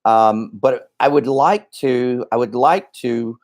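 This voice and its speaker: A man's voice: medium pitch, takes it slowly. Man, livestream host, casual chat, rambling, filler-heavy, slightly breathless. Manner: rambling, chatty, many fillers and restarts.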